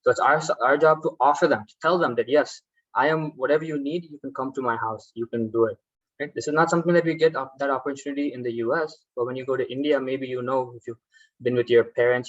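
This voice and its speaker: A man's voice: mid-range voice, no echo, dull audio. A man leading a workshop, patiently explaining a ritual step by step and often checking in with "right?". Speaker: workshop instructor. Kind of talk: guided ritual instruction.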